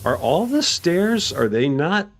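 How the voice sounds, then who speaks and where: A man's voice: slow pace, a little hiss or hum. Chatty man streaming a game. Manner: chatty, talks to himself and chat, animated rises in pitch. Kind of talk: casual game commentary.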